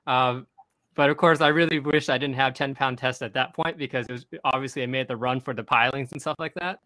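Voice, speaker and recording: A young man hosting a podcast, telling a fishing story in an excited, rambling way with many restarts. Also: medium pitch, brisk, no room sound, rough recording. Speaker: podcast host. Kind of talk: casual storytelling chat.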